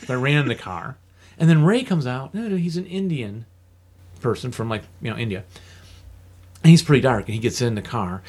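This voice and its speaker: A man leading a casual group discussion, telling a story with lively acted-out quotes and frequent laughter. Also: mid-range voice, fairly quick, pauses often, slightly rough. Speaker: discussion leader.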